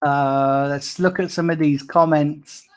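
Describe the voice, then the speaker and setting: A man's voice: a little high, fairly even intonation, takes it slowly. Fuming man ranting on stream. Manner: angry, swearing, ranting. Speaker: football fan live streamer. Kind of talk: live stream rant reading chat comments.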